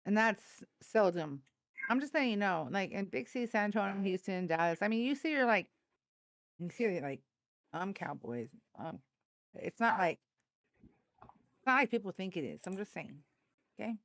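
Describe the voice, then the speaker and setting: A woman's voice: mid-range voice, animated, normal speed, long pauses, fairly bright tone, dry recording. A tired woman from Texas with a Texan accent, hosting a casual political livestream in a blunt, outspoken, slangy way. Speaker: livestream host.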